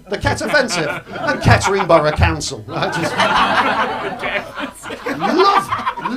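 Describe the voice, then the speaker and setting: A young man doing a stand-up comedy set on a club stage, quick and self-mocking, breaking into loud put-on voices. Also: sits high. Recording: live room with audience laughter. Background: audience laughing.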